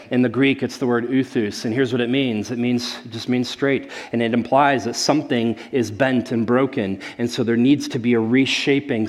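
Conversational male pastor preaching. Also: mid-range voice. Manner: conversational, animated, addresses listeners as guys. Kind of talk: sermon.

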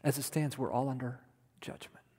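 Middle-aged male preacher, somewhat high voice, emphatic sermon delivery, long hall reverb. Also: moderate pace. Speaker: pastor.

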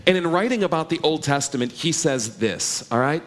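A middle-aged man delivers a sermon in an earnest, conversational way. His voice sits a little higher than most men's. He keeps turning to the congregation with rhetorical questions. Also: lively intonation, normal speed. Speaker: pastor.

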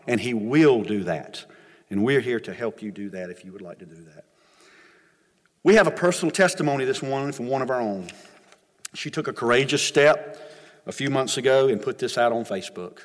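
A man's voice: medium pitch, lively intonation, normal speed. Guy preaching in church, talks like hes telling a story, echoey hall. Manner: storytelling preacher, emphatic and conversational. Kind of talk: sermon. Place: church sanctuary. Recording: long reverb of a church hall.

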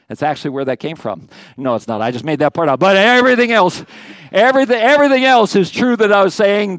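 A man's voice: fairly high pitch, no echo. A man preaching a sermon in a conversational way, with joking asides and frequent checks with his listeners. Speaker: pastor.

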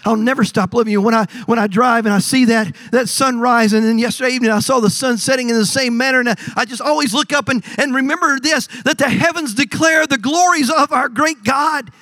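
A man's voice: extremely high pitch, a little fast, few pauses, pushed and bright, no echo. A pastor preaching a sermon to his church, building to emphatic surges and repeating words as he presses his points. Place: church sanctuary.

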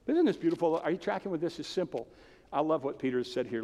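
A man preaching a passionate, conversational sermon. His voice sits high, and he keeps asking the congregation questions. The sound rings with the long reverb of a church hall. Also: sing-song, fast, mellow. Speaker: pastor.

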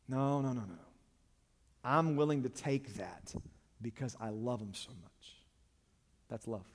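A man preaching as a pastor, plain-spoken and direct, his delivery swinging between loud emphatic lines and hushed ones. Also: medium pitch, expressive, a little slow, long pauses. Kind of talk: sermon. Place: church. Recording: long reverb of a church hall.

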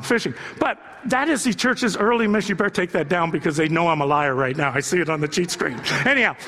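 Man preaching, high voice, joking conversational sermon, rhetorical questions, long hall reverb. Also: fairly bright tone. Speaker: pastor.

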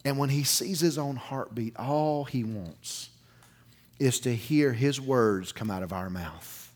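A man's voice: medium pitch, takes it slowly. Folksy preacher man telling a story. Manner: folksy, animated, swings from loud to hushed. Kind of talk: sermon storytelling.

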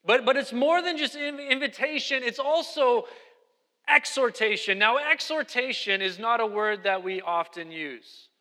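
A man's voice: very high-pitched, lively intonation, a little slow, bright, forceful tone, long reverb tail. A man preaching a sermon as pastor, emphatic and repeating key phrases.

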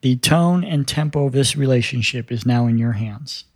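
A man in his fifties tells a personal story in a relaxed interview, speaking earnestly and voicing each side of the conversation. His voice sits in a middle pitch. The sound is dry and close, with no room echo. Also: moderate pace, husky. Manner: earnest, quotes dialogue as he tells it. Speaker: guest telling his story.

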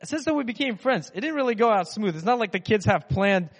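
High-voiced man preaching in a reverberant hall. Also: expressive, a little fast. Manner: chatty, rambling, acts out inner voices. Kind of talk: casual conversational sermon. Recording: dull sound with long hall reverb.

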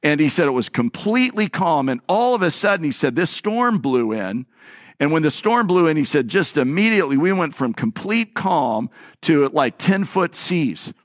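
A man's voice: on the high side, big pitch swings, moderate pace, dry recording. Storytelling male pastor, dry sound. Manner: storytelling, acting out quoted voices; repeats words on restarts. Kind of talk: sermon.

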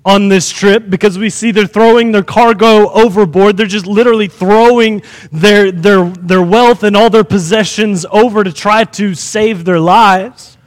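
High-voiced preacher in an echoey hall. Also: male voice, measured pace. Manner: animated, acts out scenes. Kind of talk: sermon.

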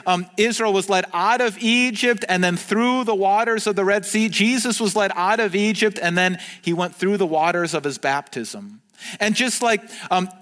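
Male pastor, earnest conversational sermon, slightly high voice, long hall reverb. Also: fairly bright tone. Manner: earnest, conversational preaching with frequent fillers and restarts. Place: church video recorded during the pandemic.

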